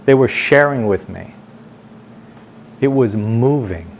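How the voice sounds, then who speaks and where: A man speaking to a board meeting, telling anecdotes in a halting way, repeating words and slowing down for emphasis. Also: medium pitch, slight background noise. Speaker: board member addressing the board. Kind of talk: storytelling speech to a meeting. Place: meeting room, speaking standing before a group.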